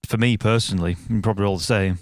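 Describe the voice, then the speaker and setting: A man's voice: lowish voice, fairly even intonation, racing, dry recording. Reflective man, dry close sound. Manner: reflective, rambling. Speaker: band member and podcast co-host. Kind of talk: casual chat.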